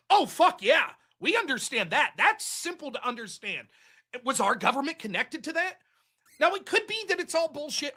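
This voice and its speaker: A man from Pennsylvania telling an animated, self-mocking story about politics and mimicking other people's voices. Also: extremely high pitch. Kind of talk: podcast rant.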